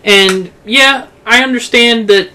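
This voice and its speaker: A man's voice: very high-pitched, takes it slowly, pushed and bright. A man co-hosting a podcast, chatting casually about video games with many filler words. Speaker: podcast co-host. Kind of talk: casual chat.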